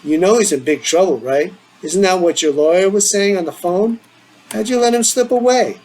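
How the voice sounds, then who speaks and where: A man's voice: high-pitched, normal speed, darkish tone, a little hiss or hum, natural voice. Man doing an exasperated, demanding man. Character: angry, exasperated adult man.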